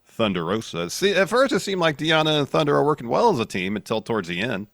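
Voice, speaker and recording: A man co-hosting a podcast, recapping matches in a relaxed play-by-play way. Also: mid-range voice, fast, vocal fry, no room sound, clean studio sound. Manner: relaxed play-by-play, some restarts. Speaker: podcast co-host. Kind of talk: casual wrestling recap chat.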